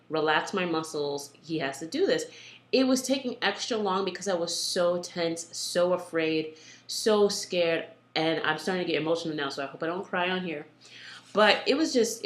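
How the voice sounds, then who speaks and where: A young woman candidly telling the story of her birth, animated and blunt, with many fillers. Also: fairly low pitch, echoey room. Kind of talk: emotional personal storytelling.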